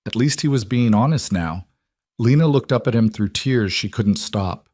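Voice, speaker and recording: A man narrating a scripted romance story in an even, steady manner. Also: mid-range voice, normal speed, no room sound, studio quality.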